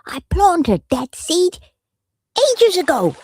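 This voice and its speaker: A woman's voice: very high-pitched, sing-song, takes it slowly, no echo, studio quality, pitched above the performer's own voice, exaggerated voice. A woman voicing an impatient little boy in a story she reads out on the radio. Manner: huffy, then hushed.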